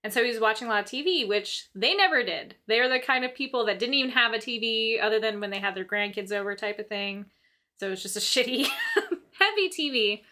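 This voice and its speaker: With a slightly high voice and a fast pace, a young co-host chats casually, telling animated stories full of laughter and playing out her former self's voice.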